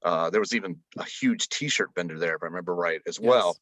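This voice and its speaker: A man's voice: low-pitched, a little fast, a bit bright, no echo. A man chatting casually as a podcast guest, rambling with many fillers and restarts. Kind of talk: casual chat.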